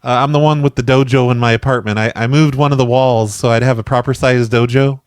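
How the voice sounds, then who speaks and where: A man running a prank phone call with a deadpan, stubborn delivery, sounding mock-offended at every turn. His voice sits at an ordinary middle pitch. It comes through close and dry, with no room sound at all. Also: quick pace, smooth, no room sound. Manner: deadpan, persistent, feigning offense. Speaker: prank caller and show host.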